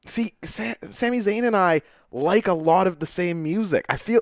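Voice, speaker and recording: A young man co-hosting a wrestling podcast, guessing answers in an excitable, animated way and cursing when he misses. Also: sits high, normal speed, no room sound, studio quality. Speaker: podcast co-host. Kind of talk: casual chat, guessing game.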